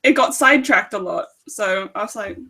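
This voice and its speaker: A woman's voice: mid-range voice, lively intonation, normal speed, pushed and bright, husky. A young woman from South Africa co-hosting a casual book club chat, giggling often as she talks. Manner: giggly, chatty, laughs often.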